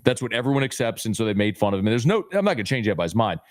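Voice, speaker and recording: A man, a sports radio host appearing as a podcast guest, talking emphatically and teasing in quick bursts. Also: lowish voice, sing-song, no room sound, clean studio sound. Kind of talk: animated podcast chat.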